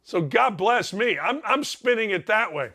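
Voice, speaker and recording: A middle-aged man hosting a sports show, telling stories in an animated, self-mocking way and repeating phrases for effect. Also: high voice, moderate pace. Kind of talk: animated casual monologue.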